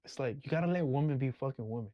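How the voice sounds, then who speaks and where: A man's voice: mid-range voice, very fast, dry recording, highs cut off. A man ranting casually in a vlog, blunt and full of profanity. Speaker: vlogger. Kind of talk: casual rant.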